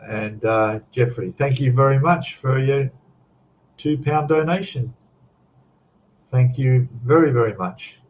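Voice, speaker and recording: A man's voice: mid-range voice, slow, long pauses, a little mellow, lo-fi sound. An older Australian man hosting a casual live stream chat, rambling and chuckling as he reads out viewer comments. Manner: rambling, chatty, laughs often, reads out chat.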